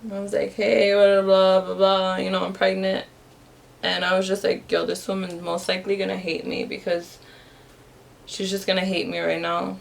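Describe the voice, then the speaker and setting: A young woman chats to her camera at home with a gravelly, fry-edged voice. She tells a story while doing her makeup, rambling, circling back and restarting her sentences. Her pitch sits in the ordinary middle for a woman. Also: monotone, normal speed. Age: young adult. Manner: rambling, many fillers and restarts. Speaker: vlogger.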